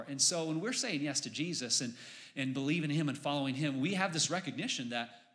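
Bright-voiced man preaching a sermon. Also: lively intonation, a little fast. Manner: emphatic, building to high exclamations on key points. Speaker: pastor. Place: church.

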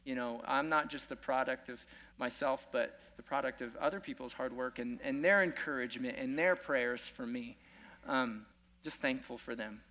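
A young man preaching a lively sermon to a church congregation, joking and self-deprecating between scripture readings. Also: medium pitch. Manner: playful, self-deprecating humor with rising excitement. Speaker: guest preacher. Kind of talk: energetic sermon.

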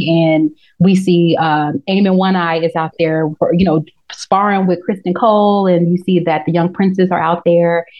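A woman, recapping a TV episode in casual chat and acting out the characters in quick, laughing asides. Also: on the low side. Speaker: podcast co-host. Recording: dull lo-fi sound.

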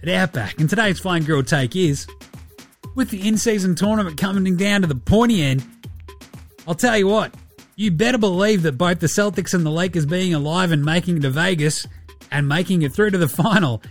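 A man with an Australian accent playing a brash mock restaurant ad pitchman, with hammy salesman patter and broad slang. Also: normal speed, faint music behind.

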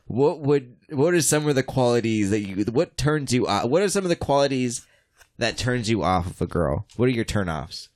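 A man's voice: medium pitch, sing-song, moderate pace, darkish tone. A man in his twenties hosting a podcast, chatting casually and teasing his friends. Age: 20s. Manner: joking, teasing, jumps between voices. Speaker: podcast host. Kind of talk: casual chat.

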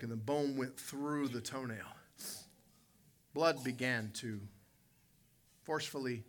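A man's voice: mid-range voice, takes it slowly, pauses often, a bit bright. A man, preaching a sermon and telling a folksy personal story, calling out to people in the congregation. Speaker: pastor.

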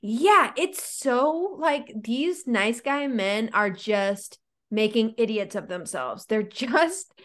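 Female podcast co-host, slightly high pitch, sarcastic, animated casual delivery. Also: slow. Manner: animated and sarcastic, heavy use of "like". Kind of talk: casual chat.

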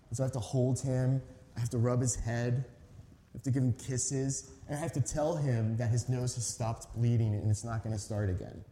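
Dark-voiced male pastor in an echoing hall. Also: medium pitch, slight background noise. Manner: conversational storytelling, earnest emphasis. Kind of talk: sermon. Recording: echoey hall reverb.

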